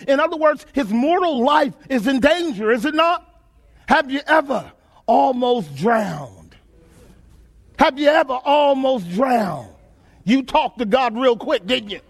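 A man's voice: very high-pitched, a bit bright. A man preaching a sermon, emphatic and repetitive, asking his listeners questions and repeating phrases.

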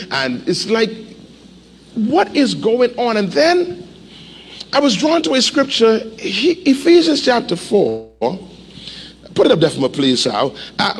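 A male pastor preaching a sermon, animated, with call-and-response and sudden shouts, in a church. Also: mid-range voice, slight background noise. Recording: echoey hall, faint ambience.

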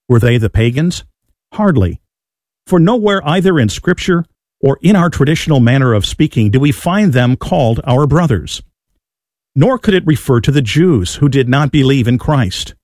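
A man giving a steady, earnest liturgical reading of an old sermon text. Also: medium pitch, dry recording, studio quality. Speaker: reader.

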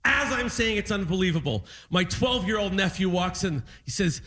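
High, bright comic telling stories. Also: male voice, moderate pace. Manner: animated storytelling, acting out his dad. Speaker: stand-up comedian. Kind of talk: stand-up comedy set. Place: live comedy stage in a music hall.

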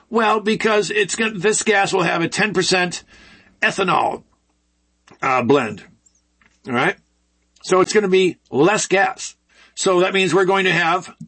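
A man's voice: high-pitched, bright, forceful tone, breathy edge. A man hosting casual political commentary, folksy and rambling with sarcastic asides.

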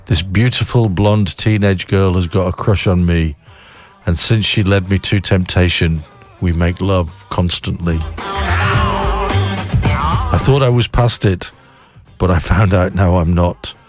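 A radio host voicing a gruff, cheeky old man in his eighties who is boastful and unrepentant, in a comic poem reading. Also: low-pitched, fairly even intonation, unhurried, pauses often, soft background music. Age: 80s.

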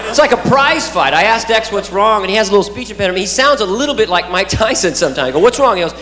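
A man's voice: high-pitched, animated, fast talker. A man doing loose, rambling stand-up comedy, breaking into silly noises and impressions. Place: club or theater with live audience. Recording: roomy live hall, audience noise.

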